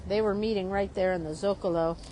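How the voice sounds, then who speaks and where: A woman from Chicago, a drawing teacher, telling a story in a lively, chatty way while she draws. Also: medium pitch, a little fast, slight background noise. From Chicago, USA. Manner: lively, keeps asking "right?".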